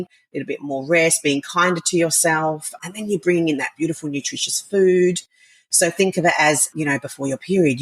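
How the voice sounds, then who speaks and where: A woman's voice: low-pitched, slightly rough, dry recording, rough recording. A woman, speaking as a podcast guest in an enthusiastic, rambling way. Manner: enthusiastic, rambling, frequent fillers and laughs. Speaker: podcast guest, wellness coach. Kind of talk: casual interview chat.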